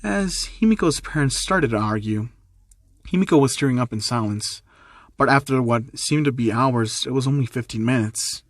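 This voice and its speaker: A man with a middling pitch reads an amateur fan story aloud at normal speed, plainly and repetitively. The recording is dry and close-miked, with no room echo.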